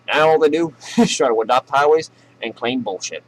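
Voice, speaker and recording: A man's voice: medium pitch, moderate pace, rough recording. A man hosting a comedy news show, ranting sarcastically and profanely and laughing at his own jokes.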